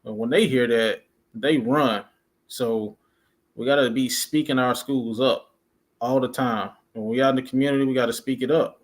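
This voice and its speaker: A man's voice: mid-range voice, fairly even intonation, normal speed. A man co-hosting a casual talk show, speaking earnestly about what the community should do. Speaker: co-host. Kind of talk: casual chat.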